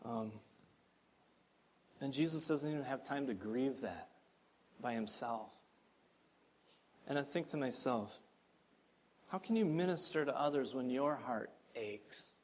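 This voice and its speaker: A man's voice: mid-range voice, expressive, unhurried, long pauses. A man preaching a sermon as pastor, earnest and emphatic, with frequent fillers.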